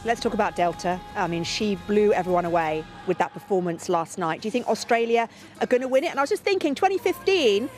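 A woman reporting live for radio, bantering with the people she interviews. She is chatty, playful and teasing, with a voice of middle pitch. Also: lively intonation, fast, a little mellow, faint music behind. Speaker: field reporter.

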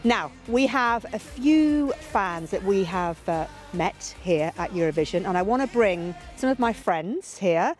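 A woman reporting live for radio, bantering with the people she interviews. She is chatty, playful and teasing, with a voice of middle pitch. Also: lively intonation, measured pace, hardly any pauses, soft background music. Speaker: field reporter.

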